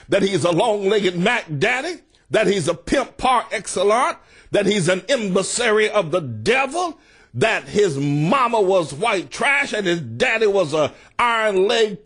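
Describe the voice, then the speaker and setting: A man preaching a fiery political sermon, often shouting in a preacherly way, his pitch swooping high and low. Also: slightly rough. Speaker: pastor.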